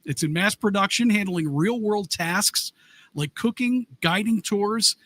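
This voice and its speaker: Bright-voiced co-host running through news. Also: male voice, sits high, measured pace. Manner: reads out news stories, teasing. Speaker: podcast co-host. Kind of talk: casual podcast news rundown.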